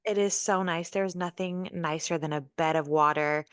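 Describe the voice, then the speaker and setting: A woman's voice: on the low side, fairly even intonation, normal speed, a bit bright, clear, resonant tone, no echo, clean studio sound. A pregnant woman co-hosting a podcast, chatting in a playful, easygoing way. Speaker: podcast co-host. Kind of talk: casual chat.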